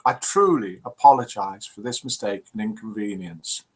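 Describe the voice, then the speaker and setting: A man's voice: on the low side, normal speed, husky, pitched below the performer's own voice. A man voicing a nervous, overly polite Irish woman flight attendant making cabin announcements. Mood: apologetic.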